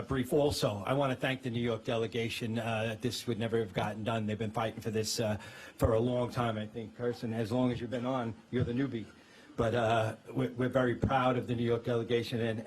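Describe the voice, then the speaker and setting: Brooklyn-accented man with halting speech. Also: medium pitch, little pitch movement, slightly rough. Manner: halting, many fillers. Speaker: firefighters' union president. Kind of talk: press conference speech.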